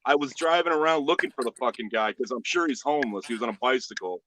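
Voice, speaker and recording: A man hosting a casual livestream, telling stories in a profane, animated way. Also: medium pitch, quick pace, slight background noise. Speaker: livestream host. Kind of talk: casual chat.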